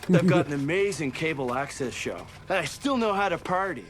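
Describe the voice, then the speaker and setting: A man's voice: fairly high pitch, animated, fairly quick, slight background noise, natural voice. An actor playing an easygoing young man who hosts a cable-access show and still lives with his parents, in a film comedy scene. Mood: cheerful. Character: young man, laid-back basement cable-show host. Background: film soundtrack music.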